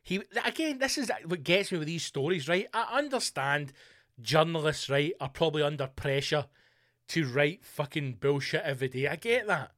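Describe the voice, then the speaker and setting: A man's voice: fairly high pitch, animated, normal speed, fairly bright tone, no echo, studio quality. A man hosting a podcast, riffing through a crude, sweary comic monologue. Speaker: podcast host. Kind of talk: casual comedic monologue.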